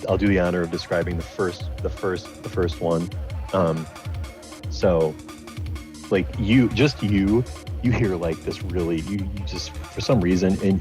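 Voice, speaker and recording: A man's voice: sits low, mellow. A man narrating as game master of a tabletop game, rambling with many fillers.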